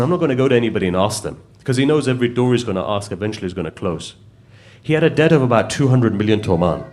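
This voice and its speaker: A man's voice: on the low side, a little mellow. A man preaching, telling a story in a conversational way and putting questions to his listeners. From United Kingdom. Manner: conversational, asks the audience questions. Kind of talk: storytelling sermon.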